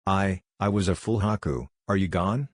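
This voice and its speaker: A man voicing a hardened adult rogue swordsman, gruff and resigned in manner. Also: deep voice, normal speed, dry recording. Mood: mournful.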